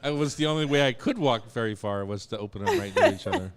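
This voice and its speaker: A man's voice: medium pitch, wildly swooping pitch, fast talker. A man hosting a live radio show in a studio, chatting casually and rambling with fillers. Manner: rambling, easygoing, with many fillers.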